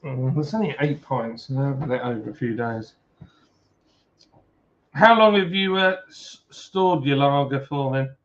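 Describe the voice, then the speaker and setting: A man's voice: medium pitch, measured pace. A man with a Yorkshire accent hosting a livestream from home, chatting casually and jokily with viewers while reading comments over a beer. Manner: chatty, jokey, lots of filler "uh"s. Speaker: livestream host. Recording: dull lo-fi stream audio.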